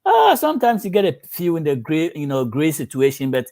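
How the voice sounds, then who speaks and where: A pastor preaching a sermon. His voice sits a little high for a man. He is a storyteller, and he slips into the voices of the people in his examples. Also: wildly swooping pitch, a little fast, creaky, darkish tone.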